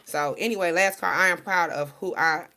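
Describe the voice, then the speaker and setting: A woman, giving viewers a casual spiritual pep talk as a tarot card reader, animated and preachy, laughing often and swearing casually. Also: on the low side, moderate pace, background noise.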